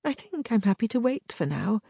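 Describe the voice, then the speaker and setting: A woman's voice: fairly high pitch, very animated, moderate pace, creaky, mellow, slightly rough, dry recording, clean studio sound, voice pushed up, heavily acted. A woman reading the part of a genteel, well-mannered young lady in an audiobook, keeping her tone polite and light. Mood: light, evasive. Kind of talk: audiobook character voice.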